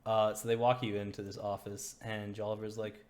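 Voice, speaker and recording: Game master, man, low voice, loose rambling narration. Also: level tone, normal speed, a little mellow. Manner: laid-back, rambling.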